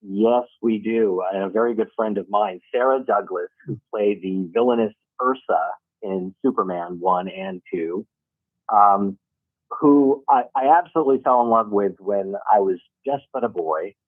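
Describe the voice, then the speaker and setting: Low-voiced man on a tinny phone line. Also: moderate pace, no room sound. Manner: enthusiastic, rambling, laughs often. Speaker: animation creator and guest. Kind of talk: casual radio interview. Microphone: phone call.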